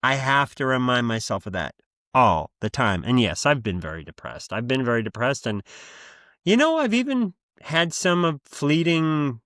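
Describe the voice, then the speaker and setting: A man's voice: medium pitch, animated, moderate pace, fairly bright tone, dry recording, studio quality. A man hosting his own podcast in a casual, rambling monologue, blunt and freely profane. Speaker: podcast host.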